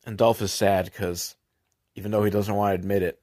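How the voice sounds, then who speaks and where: A man hosting a podcast, recapping a movie in a rambling, comedic way with sarcastic asides that sometimes drop to a low mutter. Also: level tone, a little fast, darkish tone. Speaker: podcast host.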